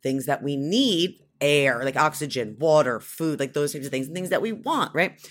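A woman's voice: low voice, normal speed. A woman in her forties co-hosting a radio show, chatting and telling stories with plenty of exclamation. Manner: animated, exclamatory, storytelling. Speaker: radio co-host. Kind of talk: casual radio banter.

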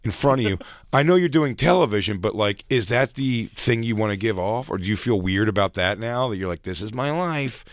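A man co-hosting a comedy podcast, riffing loosely and swearing, slipping into quoted voices. His voice sits on the low side. The studio sound is dry and close. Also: brisk, dry recording. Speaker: podcast co-host. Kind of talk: casual comedic banter.

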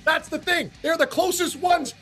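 A man co-hosting a casual sports show, blunt and joking, quick to agree. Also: very high-pitched, a bit bright. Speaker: co-host. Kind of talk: casual sports betting chat.

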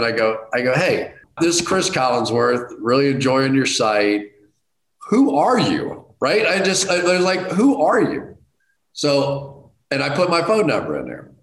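Animated middle-aged man, roomy sound. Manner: animated, jumps to high excited outbursts; self-deprecating. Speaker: guest. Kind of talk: casual anecdote telling. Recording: roomy echo.

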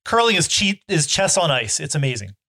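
A man chatting casually on a podcast, halting and correcting himself often. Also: fairly high pitch, very animated, pushed and bright. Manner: fast, halting, self-correcting. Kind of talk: casual chat.

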